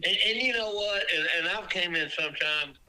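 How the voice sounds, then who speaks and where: A man's voice: sits high, fairly quick, smooth, low-quality recording. A man, a fishing guide chatting casually on a podcast and acting out run-ins on the lake. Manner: animated storyteller, acts out lake encounters.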